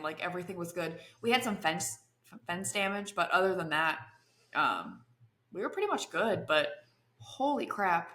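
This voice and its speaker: A woman's voice: mid-range voice, sharp tone. Giggly, teasing woman co-host. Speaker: podcast co-host. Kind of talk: casual chat.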